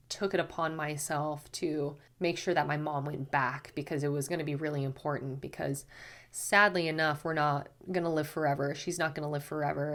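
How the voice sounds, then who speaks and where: A woman with a low-pitched voice tells a personal story straight to camera. She speaks as a spiritual teacher, casual and chatty. She leans on "like" and slips into animated quotes of herself.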